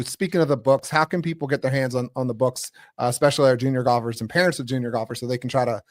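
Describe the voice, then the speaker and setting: A man's voice: mid-range voice, no echo, clean studio sound. A man hosting a golf podcast, thanking his guest and wrapping up the show in an upbeat, promotional way. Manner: upbeat, promotional wrap-up host talk. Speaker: podcast host. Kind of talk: casual podcast interview.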